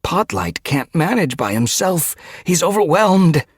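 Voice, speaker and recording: A man's voice: fairly high pitch, big pitch swings, unhurried, breathy edge, no room sound, clean studio sound, pitched above the performer's own voice, heavily acted. A man voicing a frightened, injured female cat who begs and whimpers, in an audiobook. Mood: anxious. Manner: whimpering, begging. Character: frightened female cat, pleading, badly hurt. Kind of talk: audiobook character voice.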